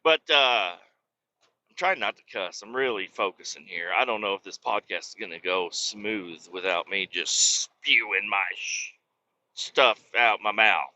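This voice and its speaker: Rambly potty-mouthed dude podcasting from his car, super bright voice, kinda lo-fi. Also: on the low side, a little slow, a little hiss or hum. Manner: animated, rambling, swears often, laughs a lot. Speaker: podcast host. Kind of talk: casual podcast monologue. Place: driving in a car on a bumpy road.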